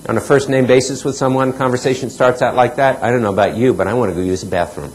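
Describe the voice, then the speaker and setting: A man's voice: quick pace, a little mellow, a little hiss or hum, low-quality recording. Middle-aged man telling a motivational story. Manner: storytelling, acts out quoted dialogue, drops pitch for emphasis. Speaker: keynote speaker. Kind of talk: motivational healthcare talk.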